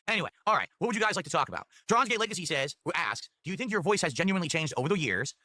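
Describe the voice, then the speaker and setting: A man in his forties rants to his livestream viewers at a breakneck clip, profane and defensive. His voice is bright and sharp, pitched a little high. It is picked up by a desk mic in a home streaming setup. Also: animated, quick pace, dry recording. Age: 40s. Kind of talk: livestream talk answering viewer tips. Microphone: desk microphone.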